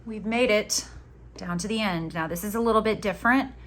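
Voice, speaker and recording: A woman hosting a casual crochet tutorial, chatty and playful, teasing herself and cheering on her viewers as she works. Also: a little fast. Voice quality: chatty, playful, self-mocking. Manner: animated, jumps in pitch when excited.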